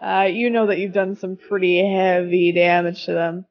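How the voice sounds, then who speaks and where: A woman's voice: lowish voice, little pitch movement, moderate pace, highs cut off. A woman running a tabletop game as game master, narrating scenes vividly.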